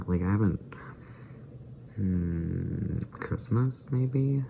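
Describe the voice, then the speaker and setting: Low gravelly young man, chatty vlog. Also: fairly even intonation, measured pace, long pauses, dark tone, a little hiss or hum. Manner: chatty, laughs often, drops into whispered asides. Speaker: vlogger doing a daily challenge. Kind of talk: casual rambling chat.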